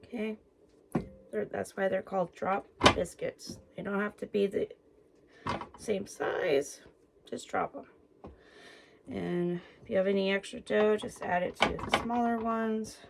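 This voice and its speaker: A woman's voice: medium pitch, steady tone, measured pace, gravelly, long pauses. A woman casually talking viewers through a home cooking demo in her kitchen, chatty and a little out of breath. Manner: chatty, self-narrating, talks to viewers as guys. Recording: noisy home kitchen recording.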